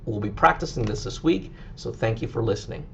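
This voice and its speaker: A man teaching a recorded lesson, explaining things clearly and slowing down now and then to demonstrate. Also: lowish voice, lively intonation, dull audio, a little hiss or hum. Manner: clear, instructive, with occasional slow deliberate demonstrations.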